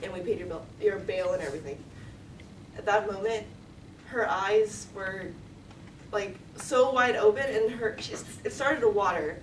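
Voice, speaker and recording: A woman's voice: mid-range voice, moderate pace. A young woman telling a personal story at a live story slam, chatty and full of "like", acting out the quotes. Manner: chatty, lots of "like", acts out quotes. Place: event hall. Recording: roomy, from a distance, noisy.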